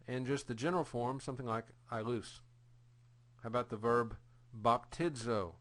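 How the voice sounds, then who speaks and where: Slow, patient man teaching a lesson. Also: mid-range voice, a bit bright. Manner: patient, slow and deliberate, repeating example phrases. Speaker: Greek teacher. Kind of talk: recorded grammar lesson.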